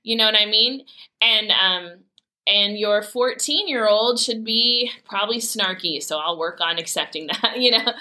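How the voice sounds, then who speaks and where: With a mid-range voice that sounds pushed and bright, this woman in her forties, mother to teenagers, shares faith-based stories about prayer and raising kids. She's candid and casual, laughing and acting out quotes as she goes.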